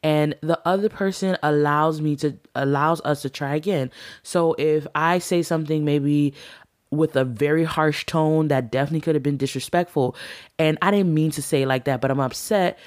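A woman's voice: low voice, steady tone, moderate pace, a little mellow, no echo, clean studio sound. A woman teaching a class on marriage, earnest and encouraging, speaking straight to her listeners.

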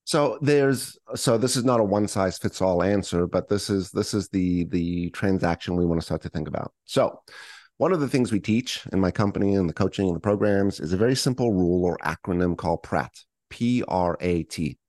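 A man's voice: sits low, normal speed, darkish tone, no room sound, clean studio sound. A middle-aged man coaching in a podcast interview, explaining with acted-out examples and frequent "right?" tags. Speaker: podcast guest, leadership coach. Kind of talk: conversational interview.

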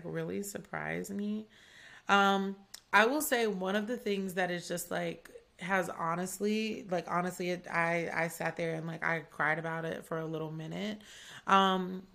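A woman's voice: mid-range voice, vocal fry, fairly bright tone. A young woman from Atlanta hosting a podcast, talking casually and candidly with lots of "like" fillers. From Atlanta, USA. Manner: chatty, candid, heavy use of "like". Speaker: podcast host.

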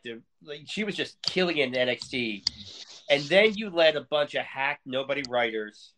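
A man's voice: fairly high pitch, a bit bright. A man co-hosting a podcast, ranting angrily in casual, profanity-heavy talk. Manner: angry, heated, profanity-laced ranting. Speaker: podcast co-host.

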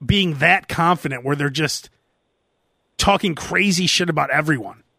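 A man's voice: fairly high pitch, moderate pace, creaky, sharp tone, no room sound, studio quality. A man, hosting a podcast in casual comedy banter, joking and putting on mock voices. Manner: jokey, puts on mock drawls. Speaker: podcast host.

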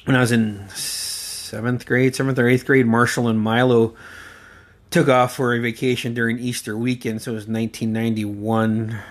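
A man's voice: medium pitch, flat delivery. A man in his forties telling casual, rambling stories about his uncle, swearing freely and breaking into laughter as he goes. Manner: rambling, profane, often laughing mid-sentence; halting, with many fillers and restarts. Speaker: storyteller remembering a late relative. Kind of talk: casual anecdotal storytelling.

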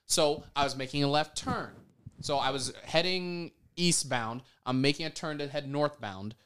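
A man's voice: a little high, moderate pace, a bit bright, smooth. A young man on a casual podcast, telling a story about himself and often laughing as he acts out the people in it. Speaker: podcast co-host.

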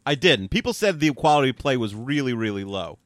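A man co-hosting a podcast in casual chat, dry and teasing, trailing off low. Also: sing-song, a little fast, no room sound. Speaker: podcast co-host.

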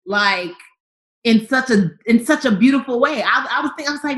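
Animated woman with a lively, roomy voice. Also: fairly quick. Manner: animated, laughing, acts out quotes in high voices. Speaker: guest comedian and actor. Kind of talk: lively interview chat. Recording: roomy echo.

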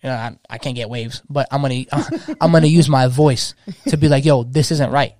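A man's voice: medium pitch, normal speed, darkish tone, no echo, studio quality. A man in his thirties, a DJ, talking passionately in casual slang and restarting his sentences often. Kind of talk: casual podcast chat.

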